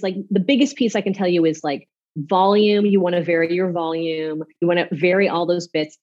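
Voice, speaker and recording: A woman working as a public speaking coach gives an off-the-cuff interview, animated and demonstrating points with her voice. Her pitch is on the low side and the audio sounds dull.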